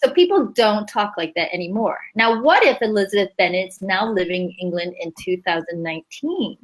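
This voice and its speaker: A woman's voice: medium pitch, animated, brisk, rough recording. A woman leading a writing workshop in a chatty, upbeat way, laughing easily as she explains. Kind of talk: casual teaching chat.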